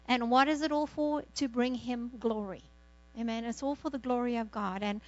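A woman's voice: high-pitched, lo-fi sound. A woman pastor exhorting a congregation and praying, fervent, repeating words and saying amen often. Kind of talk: church exhortation and prayer.

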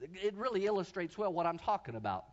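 Male pastor, high voice, sermon storytelling, quiet asides into loud shouts, slightly muffled broadcast sound. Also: big pitch swings, brisk.

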